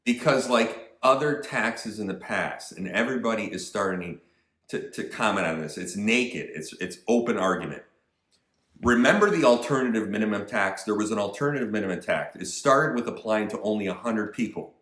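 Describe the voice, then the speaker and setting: A man's voice: lowish voice, expressive, normal speed, a bit bright, echoey room. A man giving an indignant, emphatic political rant, repeating phrases for stress and slipping in mocking asides. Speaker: political commentary vlogger. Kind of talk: ranting commentary.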